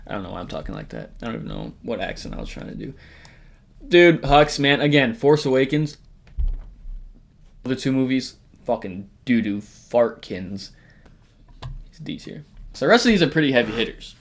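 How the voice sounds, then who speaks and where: A man's voice: medium pitch, sing-song, normal speed, creaky, pauses often. A man hosting a casual tier-list ranking, talking in a rambling, jokey way, swearing often and sometimes trailing off into mumbles and whispers. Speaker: host.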